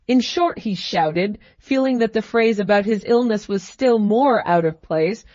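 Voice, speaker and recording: A woman narrating an audiobook in an even, measured reading. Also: fairly high pitch, dry recording, lo-fi sound. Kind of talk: scripted narration.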